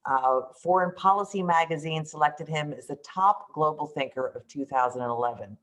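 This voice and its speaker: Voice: medium pitch, moderate pace, fairly bright tone, rough recording. An event host reading a formal speaker introduction, with frequent fillers and self-corrections.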